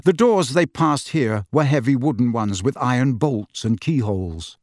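Brief: male audiobook reader, lively pitch, dry close-miked studio sound. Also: normal speed, few pauses, no room sound. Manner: expressive storytelling. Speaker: audiobook narrator. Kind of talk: scripted narration.

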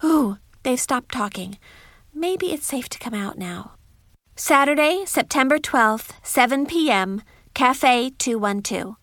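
A woman's voice: high-pitched, lively intonation, takes it slowly, a bit bright, no echo, studio quality. A woman narrating a first-person story in a chatty, wry diary style.

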